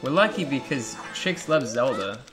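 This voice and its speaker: A man's voice: mid-range voice, very animated, moderate pace, fairly bright tone, faint music behind. A man streaming a game live, joking crudely with his chat and swearing often. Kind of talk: live-stream gameplay commentary.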